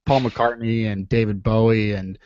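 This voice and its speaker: A man's voice: lowish voice, flat delivery, moderate pace, darkish tone, highs cut off, a little hiss or hum. A man hosting a podcast, chatting casually and teasing his guest. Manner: joking, teasing. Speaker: podcast host.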